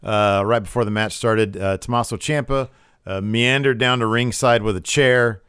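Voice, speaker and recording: A man co-hosting a casual chat, recapping events and retelling scenes in lively quoted voices. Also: on the low side, normal speed, clear, resonant tone, dry recording, clean studio sound. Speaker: podcast co-host recapping wrestling.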